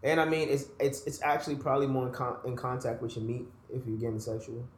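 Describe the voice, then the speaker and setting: A man's voice: mid-range voice, flat delivery, quick pace, roomy sound, a crowd in the background. A man co-hosting a podcast who teases, jokes and laughs often in casual chat. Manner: teasing, playful, laughs often. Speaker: podcast co-host.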